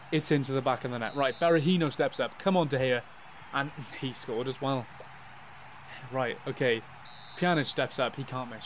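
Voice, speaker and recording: A man doing let's-play commentary on a football management game, excitable and swinging from loud cheering to gloomy muttering. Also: medium pitch, a little hiss or hum. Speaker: gaming YouTuber.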